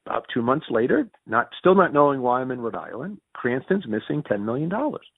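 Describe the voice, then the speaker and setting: A middle-aged man telling a story casually in an interview, animated and jumping in pitch when excited. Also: brisk, creaky, husky, dry recording. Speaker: interview guest. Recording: tinny phone-like sound.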